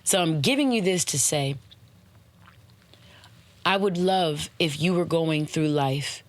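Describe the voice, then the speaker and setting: A woman's voice: deep voice, slow, dry recording. A woman hosting a podcast, giving casual motivational talk and slipping into playful voices for examples. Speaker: podcast host.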